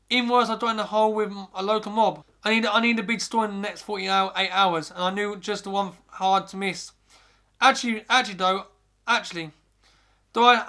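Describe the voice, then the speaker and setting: A man's voice: high voice, bright, forceful tone. A man hosting a podcast, reading a scary story aloud in the first person, often stumbling and restarting words. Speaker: podcast host.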